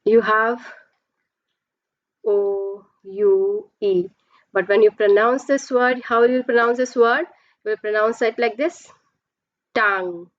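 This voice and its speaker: Woman teacher going slow thru a pronunciation lesson, dry close mic, kinda dull muffled sound. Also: a little high, steady tone, dry recording. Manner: patient, explains step by step with drawn-out examples.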